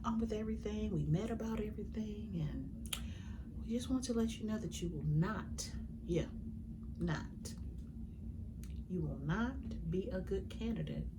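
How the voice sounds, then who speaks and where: A woman imitating a hesitant hospital caller who delivers bad news over the phone, stumbling with pauses and "um"s. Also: medium pitch, lively intonation, natural voice. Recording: noticeable background noise.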